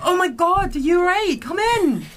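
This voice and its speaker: A woman's voice: very high-pitched, lively intonation, moderate pace, a loud crowd, pitched above the performer's own voice. A woman voicing a small, cheery female pirate gnome who runs a tavern, in a put-on Scottish accent and a fussing, hospitable manner. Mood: fussing welcome. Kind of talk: tabletop role-play.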